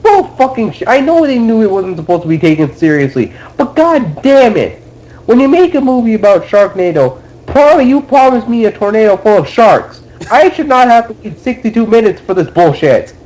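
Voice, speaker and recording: Young male co-host, high animated voice, exasperated profane ranting, dull lo-fi recording. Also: moderate pace. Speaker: podcast co-host. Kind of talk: casual ranting movie review.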